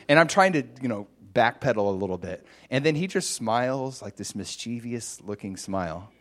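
Man preacher, animated casual storytelling sermon. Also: mid-range voice, normal speed, few pauses. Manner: lively, animated retelling with many fillers.

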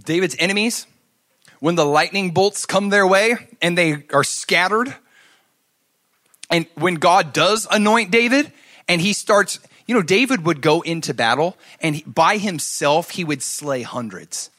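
A middle-aged man preaching a sermon, telling stories and swinging from loud to hushed. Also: high voice, unhurried. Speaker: pastor.

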